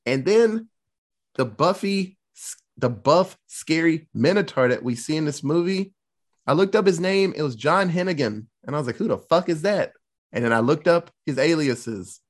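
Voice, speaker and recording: A man co-hosting a podcast, reviewing a movie in casual chat, excitable and rambling, swearing freely. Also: on the high side, moderate pace. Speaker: podcast co-host.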